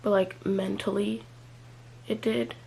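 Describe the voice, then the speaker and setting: Hesitant young woman with vocal fry. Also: medium pitch, little pitch movement, slow, darkish tone, slight background noise, rough recording. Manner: hesitant, filler-heavy, many "like"s and trailing off. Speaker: vlogger. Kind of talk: personal confessional vlog.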